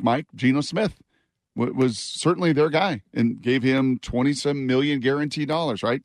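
A man's voice: mid-range voice, dry recording, studio quality. A man hosting sports talk radio, pressing his points with rising emphasis.

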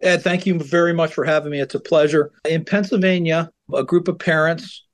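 A man, a lawyer, answering as a guest on a talk show in measured, formal legal phrasing. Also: on the high side, steady tone. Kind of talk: interview answer.

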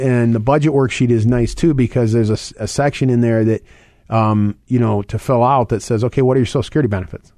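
A middle-aged man hosting a financial radio show, talking quickly and conversationally and repeating his key points. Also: medium pitch, a little mellow, dry recording. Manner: fast, conversational, repeats points and phone numbers. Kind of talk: radio talk segment.

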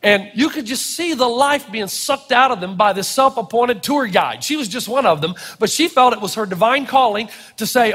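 A high-voiced man preaching in a church, his words carrying a long hall reverb. He talks in an animated, playful way, jumping into little acted-out voices. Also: fairly quick, hardly any pauses, slightly rough. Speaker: pastor. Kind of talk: sermon.

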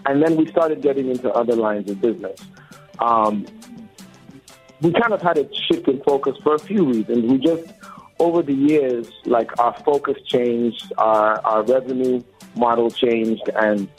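A man's voice: mid-range voice, normal speed, breathy edge. A man in his forties, a record label co-founder, talking earnestly and reflectively as an interview guest. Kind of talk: casual interview talk. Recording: dull lo-fi audio with faint music.

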